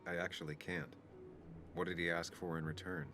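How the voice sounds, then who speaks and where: A man's voice: deep voice, flat delivery, normal speed, music in the background, natural voice. A man playing a jaded journalist in a video game, dry, guarded and a bit sardonic.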